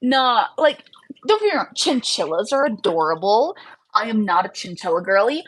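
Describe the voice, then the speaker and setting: Over poor audio, a tired woman with a mid-range voice hosts a casual livestream chat at normal speed, sounding very animated. She rambles chattily, laughs frequently mid-sentence, and trails off while busy on her screen.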